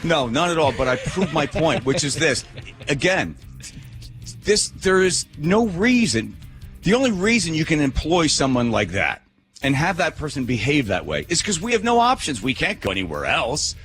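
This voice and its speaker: A middle-aged man hosting a talk radio show, telling a story in an animated, indignant rant. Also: on the high side, normal speed, soft background music. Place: radio studio.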